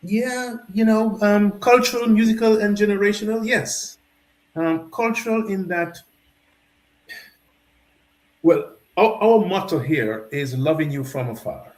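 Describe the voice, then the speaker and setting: Jamaican man, high lively voice. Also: a little slow, reverberant. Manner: animated storyteller, many restarts. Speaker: festival founder, guest. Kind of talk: talk show interview.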